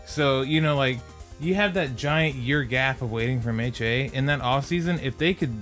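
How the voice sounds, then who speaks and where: Male co-host, mid-pitched, casual and rambly, trips over his own sentences, faint music underneath. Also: fairly bright tone. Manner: rambling, halting with many restarts. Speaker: podcast co-host. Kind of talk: casual anime review chat.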